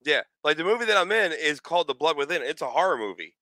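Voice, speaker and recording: A man's voice: a little high, fast, no echo. A man chatting casually, telling stories and acting out the quotes with energy. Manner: animated storyteller, acts out quotes. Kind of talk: casual chat.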